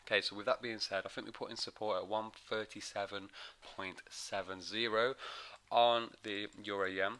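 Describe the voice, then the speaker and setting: A man's voice: lowish voice, flat delivery, normal speed, sharp tone. A man from the UK giving a casual, chatty walkthrough of trading charts as an educator, humming filler sounds as he clicks along.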